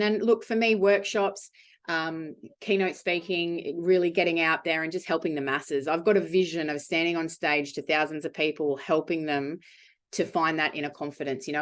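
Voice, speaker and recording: Low-voiced frank businesswoman. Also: steady tone, brisk, a bit bright. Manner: frank, emphatic and upbeat. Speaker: business owner and guest. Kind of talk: candid interview answers.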